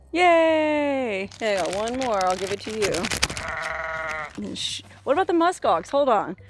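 A woman's voice: medium pitch, very animated, normal speed, heavy background noise. A woman hosting a casual walking-tour vlog outdoors, chatty and upbeat, cooing at animals along the way. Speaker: travel vlogger and host. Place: outdoors at a desert roadside hotel.

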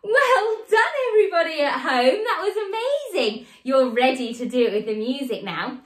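A woman leading a children's sign language lesson, in an animated, sing-song, encouraging way. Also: high-pitched, normal speed, roomy sound. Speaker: baby sign language teacher.

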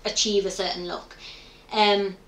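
Her voice is mid-range, creaky, and a bit bright, with a flat delivery at a moderate pace. This middle-aged interview guest shares her story openly and thoughtfully, frequently speaking her old thoughts aloud. The candid, conversational exchange was recorded in an echoey space.

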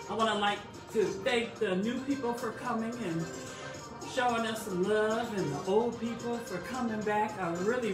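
A woman's voice: a little high, roomy sound. Chatty woman hosting a cooking stream. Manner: chatty, exclamatory, coaxing the viewers. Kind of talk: casual live cooking demonstration.

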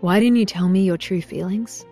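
A woman voicing a commanding, domineering young man who speaks deep and insistent. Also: moderate pace, dark tone, faint music behind, lightly acted. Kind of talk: audiobook dialogue.

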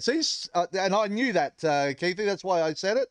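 Man, livestream host, rambling banter, smooth voice, dry close sound. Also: high voice, expressive, fairly quick, no room sound. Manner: jokey, rambling, greets chat viewers. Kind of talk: casual livestream chat.

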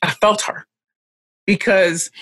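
Speaking slowly with fairly even intonation, a middle-aged woman with a medium-pitched, somewhat bright voice shares her life story on a podcast, where she's a guest and a pitch coach. She's emotional, close to crying, and hammers her points with repetition and piled-up phrases, recorded dry and close without echo.

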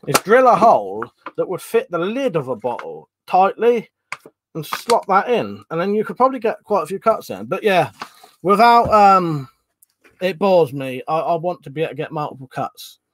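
A man's voice: high voice, very animated, moderate pace, fairly bright tone, a little hiss or hum. A man hosting a casual livestream, rambling and chatty as he reads out chat messages and swears offhand. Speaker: livestream host reading chat.

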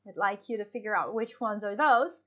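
A woman's voice: medium pitch, normal speed, sharp tone, muffled recording. A woman teaching English in a recorded online lesson, explaining patiently with fillers and restarts.

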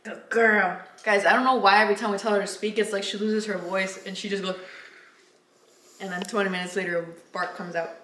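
A woman's voice: mid-range voice, steady tone, fairly quick, bright, forceful tone, roomy sound, a little hiss or hum. A woman vlogging at home in a casual chatty way, cooing at her puppy and giving it training commands. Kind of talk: casual vlog chat. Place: home kitchen.

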